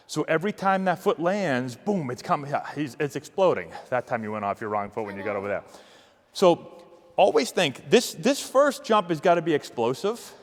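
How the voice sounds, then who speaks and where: A man coaching youth agility drills, giving energetic, encouraging cues while demonstrating. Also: a little high, moderate pace, big-room sound. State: out of breath. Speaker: baseball coach.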